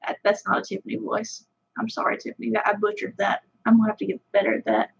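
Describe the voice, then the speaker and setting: A woman's voice: mid-range voice, flat delivery, quick pace, creaky, breathy edge, muffled recording. A woman with a Southern US country accent hosting a casual livestream, chatting with viewers in a rambling way full of fillers. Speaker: fishing channel host.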